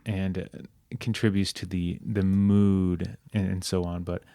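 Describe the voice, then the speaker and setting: A man with an English accent, co-hosting a casual podcast about video games, self-deprecating and quick to laugh. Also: deep voice, flat delivery, vocal fry, dark tone, dry recording, clean studio sound. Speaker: podcast co-host. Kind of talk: casual game discussion. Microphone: close podcast mic.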